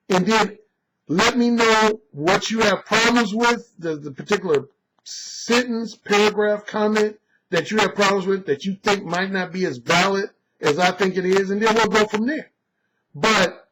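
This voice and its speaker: High-voiced boastful man ranting. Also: background noise. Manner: boastful, emphatic, blunt with profanity. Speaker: author and dating coach. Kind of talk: opinionated monologue.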